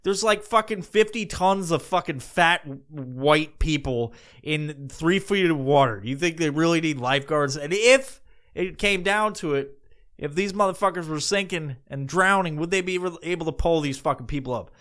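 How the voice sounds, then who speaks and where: A man's voice: a little high, normal speed, a bit bright. A man hosting a podcast, telling a crude comic story in a rambling, profanity-laden monologue. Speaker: podcast host.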